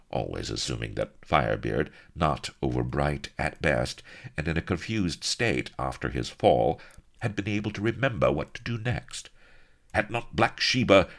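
Deep, gravelly male narrator, very expressive, wry comic storybook read. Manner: wry, theatrical.

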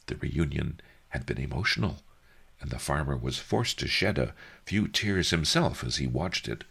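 A man's voice: extremely low pitch, animated, moderate pace, gravelly, fairly bright tone, husky. A man narrating an audiobook in a wry, dry storytelling manner.

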